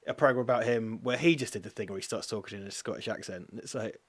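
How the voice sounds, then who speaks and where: A man's voice: fairly low pitch, fast talker, husky, no echo. A young British man co-hosting a casual chat, rambling, swearing and mocking himself. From Britain. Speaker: podcast co-host.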